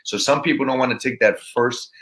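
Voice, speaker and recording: A man talking as a podcast guest with a motivational speaker's energy. He rambles and restarts his sentences, and his voice stays at a middle pitch. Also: a little fast, a bit bright. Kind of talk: casual interview chat.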